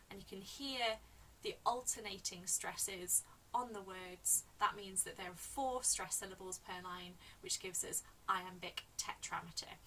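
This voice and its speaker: A woman teacher analysing a poem in a lesson, explaining slowly and repeating key words. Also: mid-range voice, sharp tone, recorded from a distance, a little hiss or hum, low-quality recording. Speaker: English teacher.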